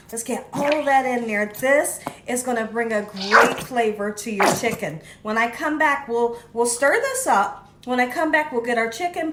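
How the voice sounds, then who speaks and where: A woman with a fairly high, bright voice hosts a cooking tutorial in her kitchen, chatting away and often checking in with the viewer by saying "okay." The room is echoey, and there's a faint hiss or hum on the recording.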